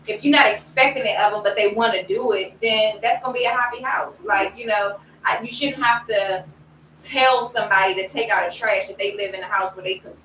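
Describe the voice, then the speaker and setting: A woman's voice: medium pitch, steady tone, fairly quick, a bit bright. A woman in a casual group discussion, talking things through reflectively and acting out her own past outbursts. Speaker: panel guest. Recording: roomy, distant mic with faint noise.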